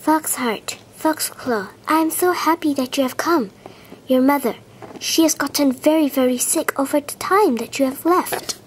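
A woman voicing a gentle clan healer animal in a homemade toy drama, calm and solemn. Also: sits high, normal speed, slight background noise, natural voice, poor audio. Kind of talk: toy-figure fan drama acting.

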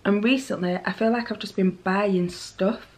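A woman's voice: mid-range voice, fairly even intonation, normal speed, darkish tone. A woman talking casually to her camera at home, rambling and poking fun at herself as she goes. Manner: rambling, chatty, self-deprecating. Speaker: lifestyle vlogger. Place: at home, indoors. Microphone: handheld camera mic.

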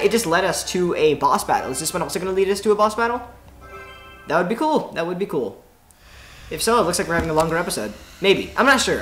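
Excitable young man narrating a game. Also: high-pitched. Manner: excitable, chatty, talks to the viewers while playing. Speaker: gaming video host. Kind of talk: let's play commentary. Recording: roomy home recording. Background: faint game music.

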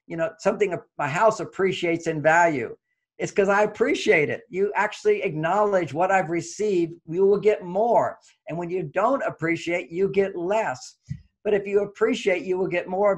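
A man who is a relationship therapist, explaining emotions in an earnest advice talk and repeating his key phrases. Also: a little high.

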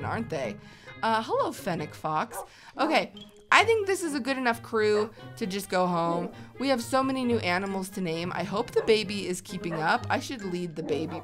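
A woman's voice: mid-range voice, normal speed, music in the background. A woman hosting a Minecraft let's play, cooing at her animals in baby talk and fretting aloud when she gets lost. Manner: excitable, baby-talking to animals, swings from cooing to panicked muttering. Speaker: gaming channel host.

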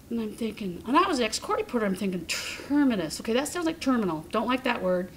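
A woman's voice: fairly high pitch, expressive, fast, few pauses, a little hiss or hum. A woman in her fifties telling her own story to a support group with wry, self-mocking humor. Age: 50s. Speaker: comedian. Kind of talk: personal talk with humor. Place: hospital meeting room.

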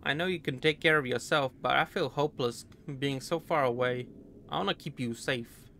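A man's voice: medium pitch, normal speed, gravelly, pushed and bright, a little hiss or hum. A man voicing a young male sailor, reading a tender, homesick love letter in a put-on stereotypical American accent. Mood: affectionate. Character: young male sailor writing home to his sweetheart.

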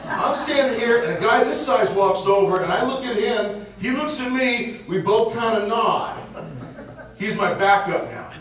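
A man giving a parish mission talk, telling stories and acting out what people said. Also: very high-pitched. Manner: animated storyteller acting out quotes. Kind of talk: storytelling talk to a church audience. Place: large church. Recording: echoey church, distant mic, faint hiss.

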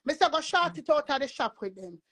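A woman with a Jamaican patois accent, telling a rambling story in a casual live chat. Her voice sits high, and she talks with lively patois phrasing. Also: a little fast. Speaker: storyteller guest.

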